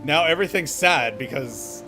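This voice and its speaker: A man's voice: on the high side, expressive, moderate pace, over music. A man doing critical live gameplay commentary, sarcastic and swearing, with frequent laughs. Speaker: game streamer.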